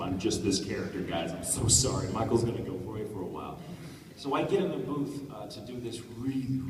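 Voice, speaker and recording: A man on a convention panel telling a candid, self-deprecating story in a relaxed Q&A manner. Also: fairly low pitch. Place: large convention hall. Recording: roomy hall, voice from far off. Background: audience laughter.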